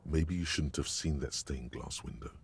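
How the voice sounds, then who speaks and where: A man narrating a video game in a measured, descriptive, scripted way. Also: rumbling low, gravelly, slight background noise. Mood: calm. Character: omniscient game narrator, calm, deep.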